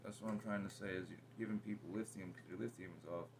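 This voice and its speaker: A man with a lower voice talks at length in a casual but confrontational way. He is blunt and profane and rambles from point to point. Constant noise sits under the home recording. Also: fairly even intonation, fast, vocal fry. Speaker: partner in a home conversation. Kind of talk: casual heated conversation.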